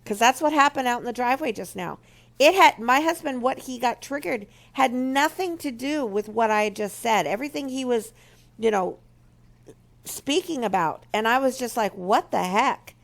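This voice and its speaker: A woman with a somewhat high, gravelly voice gives an earnest teaching talk. She moves between personal story and advice for couples, speaking with a creaky edge. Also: animated, normal speed. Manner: earnest, storytelling, acts out remembered quotes. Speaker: marriage ministry speaker.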